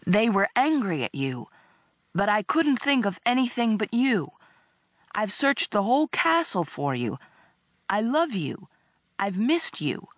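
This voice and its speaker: A woman reading the part of a dim young prince in a storybook, his lines coming out wooden and unsure, as if read off a slip of paper. He speaks slowly, pitched higher than her plain narration, in a dry, close voice. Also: dry recording, exaggerated voice. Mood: stiff. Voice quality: wooden, flat-sounding delivery. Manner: uncertain, reciting lines.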